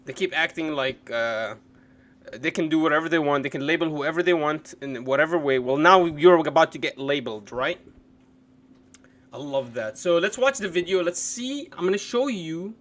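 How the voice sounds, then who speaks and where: A man live-streaming a reaction to videos, cursing and mocking what he watches, going from low mutters to loud outbursts. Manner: profane, mocking, swings between muttering and yelling.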